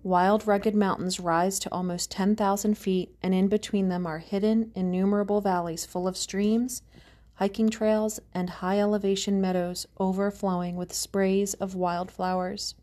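A woman with a medium-pitched voice narrates an audiobook calmly. Her scripted storytelling is measured and steady.

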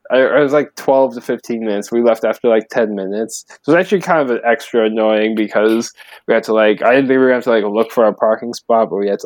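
A man's voice: mid-range voice, a little mellow, no room sound, low-quality recording. Laid-back man, dry close sound. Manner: laid-back, rambling, laughs easily. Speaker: podcast co-host. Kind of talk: casual podcast chat.

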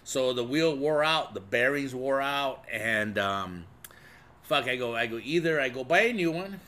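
A man's voice: mid-range voice, unhurried. A middle-aged man telling a rambling, profane story in casual chat, with lots of "dude.". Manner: profane, rambling, animated storyteller who keeps saying "dude".

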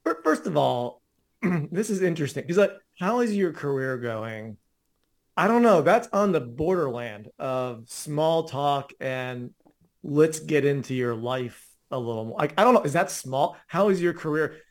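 A man's voice: on the high side, lively intonation, moderate pace. A man co-hosting a casual chat podcast, talking conversationally with frequent filler words. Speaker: podcast co-host.

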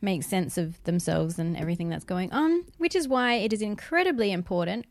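A woman co-hosting a podcast, chatting warmly and thoughtfully. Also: mid-range voice, expressive, brisk, no room sound. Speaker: podcast co-host. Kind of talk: casual chat.

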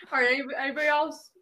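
A woman's voice: high voice, bright, forceful tone. A woman chatting casually with friends in a giggly, teasing way. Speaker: friend in group chat. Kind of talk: casual chat.

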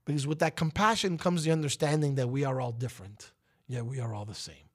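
A man's voice: mid-range voice, quick pace. A man hosting a talk show, delivering an emphatic, preachy opinion monologue that rises to outbursts. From United States.

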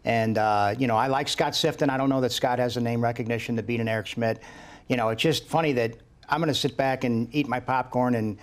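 A man's voice: medium pitch, brisk. A man who speaks for labor on a political panel, talking casually with many fillers. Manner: relaxed, filler-heavy.

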